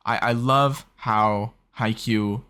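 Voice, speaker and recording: A man's voice: on the low side, steady tone, takes it slowly, sharp tone, clear, resonant tone. A man hosting an anime reaction video, talking in earnest and gushing, with a habit of rambling on. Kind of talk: casual reaction commentary.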